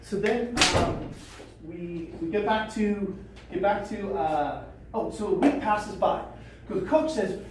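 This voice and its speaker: A woman trainer telling a story at a training session, animated and repeating phrases. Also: mid-range voice, slow, background noise. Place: training room. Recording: echoey room from a distance.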